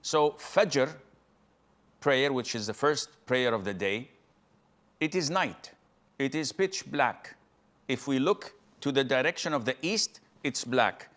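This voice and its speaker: Calm man explaining step by step. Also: mid-range voice, slow pace. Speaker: Islamic scholar answering questions. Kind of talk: religious Q&A explanation.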